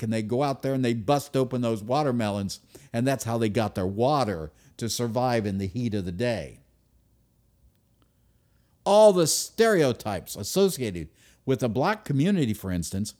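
Emphatic man with a lively, swinging voice. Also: mid-range voice. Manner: emphatic, swings from loud stresses to near-whispers. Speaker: speaker. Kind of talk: speech to an audience.

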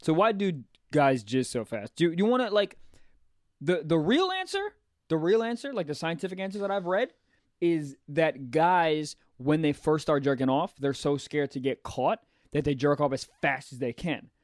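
A young man hosting a casual podcast chat, crude, excitable and joking. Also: on the high side, moderate pace, dry recording, clean studio sound. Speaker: podcast host.

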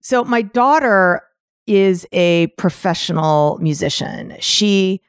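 Middle-aged woman podcast host, mid-pitched, chatty and digressive. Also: expressive, slow, clean tone, no echo, clean studio sound. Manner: conversational, laughs often between points, digresses. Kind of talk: podcast monologue.

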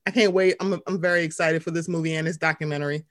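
A woman's voice: deep voice, steady tone, rapid-fire. A young woman hosting a casual chat show, talking animatedly and acting out quotes in different voices. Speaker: podcast host.

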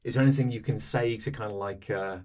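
A man's voice: on the low side, fast, a little mellow. A man narrating as game master for a tabletop game, rambling with many fillers.

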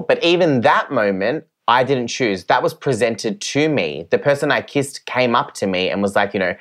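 A man's voice: medium pitch, animated, fairly quick, few pauses, a bit bright. A young man, a podcast guest, candidly telling a personal story and acting out the voices of others. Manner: open and emotional, acts out quoted voices.

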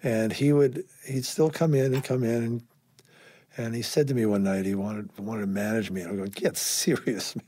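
An older man, a guest musician, telling anecdotes in an animated way, acting out dialogue and swearing casually. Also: medium pitch, moderate pace, dry recording, studio quality. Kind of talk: anecdotal storytelling.

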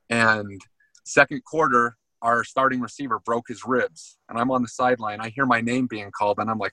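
A man's voice: medium pitch, fairly quick, dry recording, rough recording. A man, a former college football player, telling a story in a casual interview and often saying "man". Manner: animated storyteller, says "man" a lot.

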